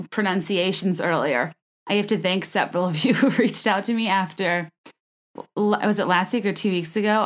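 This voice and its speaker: A woman hosting a podcast, talking in a chatty, gossipy way with a wry, sarcastic edge. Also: on the low side. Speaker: podcast host. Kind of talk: casual chat.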